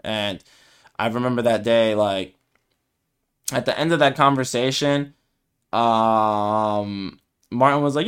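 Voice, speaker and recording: A young man co-hosts a podcast, chatting casually in a hesitant, reflective way full of fillers. His mid-range voice is smooth, with a slow pace and long pauses.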